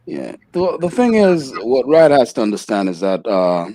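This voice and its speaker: A man's voice: medium pitch, sing-song, normal speed, dark tone, no echo. Laid-back man in casual chat. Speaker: podcast co-host.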